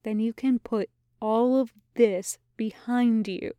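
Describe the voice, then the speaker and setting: Sinister whispery voice in the head, male, put on by a woman, slow hissy coaxing. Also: fairly high pitch, steady tone, dark tone, smooth, no echo. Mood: menacing.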